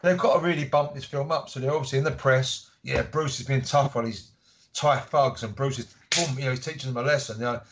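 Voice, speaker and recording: A man's voice: medium pitch, fairly quick. A man, an author, telling anecdotes in a casual interview and acting out the voices of the people he quotes. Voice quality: animated storyteller, acts out quoted voices. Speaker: author guest. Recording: dull lo-fi audio.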